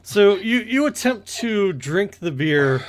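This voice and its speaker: A man's voice: high voice, sing-song, slow pace, a little hiss or hum. Rambling male game master. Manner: rambling, corrects himself often. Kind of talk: narrating a tabletop game.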